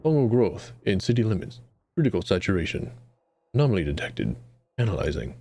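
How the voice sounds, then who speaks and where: A man voicing a failing ancient city computer in a flat, clipped report readout. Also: on the low side, a little fast, creaky, voice pushed down, full character voice. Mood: clipped, mechanical.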